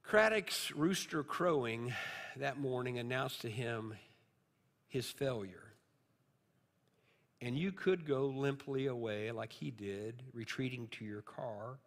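A man's voice: medium pitch, slow pace, fairly bright tone. A male pastor preaching a sermon, telling a story and then building to emphatic, rising appeals. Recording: long hall reverb.

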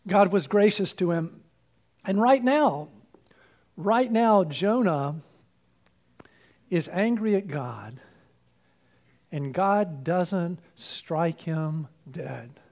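A man preaching a sermon, earnest and full of rhetorical questions, his voice worn and giving out, with frequent throat clearing. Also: sits high, animated, extremely slow, long pauses. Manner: earnest, rhetorical questions, swings from loud to hushed. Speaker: pastor.

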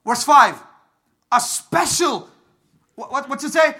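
High, bright-voiced fervent preacher man. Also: expressive, takes it slowly. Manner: fervent, rises to shouts and calls for congregation responses. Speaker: pastor. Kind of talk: sermon.

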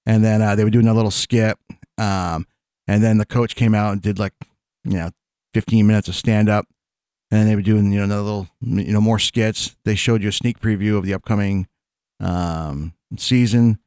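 A man's voice: on the low side, steady tone, a little fast, darkish tone, clean tone, no room sound, clean studio sound. A man in casual chat, telling long rambling stories full of fillers and restarts, laughing as he goes. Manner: rambling storyteller, many fillers and restarts, laughs mid-sentence.

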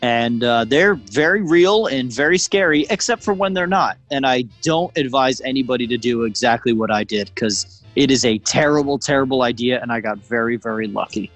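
Dude on a podcast, jokey, rambles on, bit of music behind. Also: male voice, medium pitch, animated, normal speed, a bit bright, dry recording. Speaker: podcast co-host. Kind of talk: casual chat.

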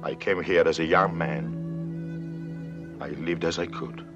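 An actor playing an earnest older plantation owner who speaks gravely and softly, in a film scene. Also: male voice, low voice, slow, loud music behind the voice. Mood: tender. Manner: grave, pleading, soft-spoken. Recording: dull old film soundtrack. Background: film score.

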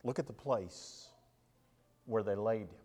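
A male minister preaching a sermon, reading scripture aloud with dramatic pauses and emphasis. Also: lowish voice, a little mellow, husky. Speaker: interim lead minister. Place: church sanctuary. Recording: long reverb of a large hall.

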